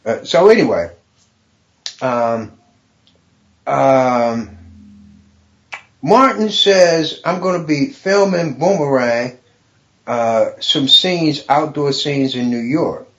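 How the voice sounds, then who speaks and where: A middle-aged man, a stand-up comedian guest, telling a story in a profane, animated way, laughing often. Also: mid-range voice, takes it slowly, long pauses. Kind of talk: casual storytelling. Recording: dull lo-fi podcast recording.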